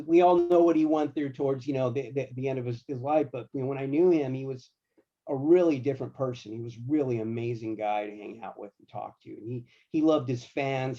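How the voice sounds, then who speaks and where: A man working as a guitar tech, telling tour stories in a casual, slangy, animated way. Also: medium pitch, lo-fi sound. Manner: animated, laid-back, slangy. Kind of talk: casual storytelling.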